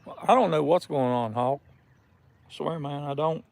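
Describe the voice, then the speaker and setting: Guy on a live stream by the river, kinda high voice w/ lots of gravel in it, just chatting up viewers. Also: moderate pace, a little mellow, no echo. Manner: chatty, greets viewers by name. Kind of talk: casual live-stream chat. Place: outdoors by a river.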